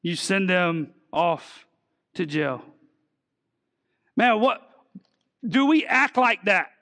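A man's voice: high voice, sing-song, extremely slow, pushed and bright, long reverb tail. A man preaching a sermon, earnest and repeating words as he builds his points. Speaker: pastor.

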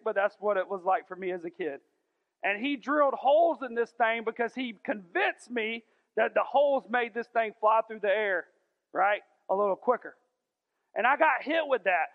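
A man, preaching a folksy, emphatic sermon to a church congregation and slowing down for scripture. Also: high voice. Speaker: pastor. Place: large church sanctuary. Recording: thin phone-like sound in a reverberant hall.

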